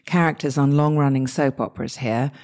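A woman with an English accent talks in a low voice with a warm, soft tone. She tells her stories casually and with energy. She often breaks off and starts her sentences again, and she acts out the people she quotes. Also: fairly quick. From England. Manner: lively, chatty, many restarts and quoted asides. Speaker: guest. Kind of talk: casual interview storytelling.

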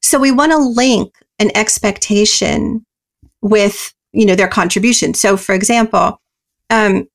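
A woman in a mid-range voice gives earnest parenting explanations as an interview guest. She talks in loose runs, filling pauses with small hesitations. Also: mid-range voice. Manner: earnest and explanatory, many you-knows and ums. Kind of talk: interview answers.

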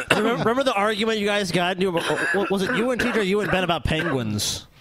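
A man's voice: high voice, lively intonation, fairly bright tone, dry recording. A man hosting a podcast, chatting bluntly and with plenty of swearing. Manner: fast, blunt, profane. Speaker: podcast host. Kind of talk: casual chat.

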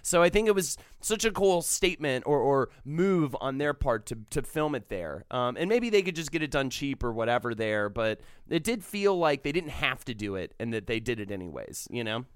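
A man's voice: mid-range voice, big pitch swings, normal speed, hardly any pauses, smooth, no echo, clean studio sound. A man co-hosting a podcast, chatting with enthusiasm and restarting his sentences often. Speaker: podcast co-host. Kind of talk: casual podcast chat.

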